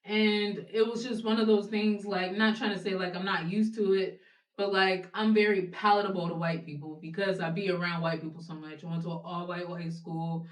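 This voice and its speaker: A young woman from Ohio, a guest in a casual interview, speaks at normal speed in a lowish voice. She is frank and animated, swears freely, and laughs between points. The sound is roomy, picked up by a distant mic.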